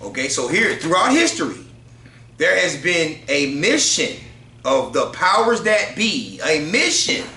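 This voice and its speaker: Male study leader, casual and conversational, keeps asking the room "right?", bright voice in an echoey space. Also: high voice. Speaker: teacher leading a group study. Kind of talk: religious group study, reading aloud from books.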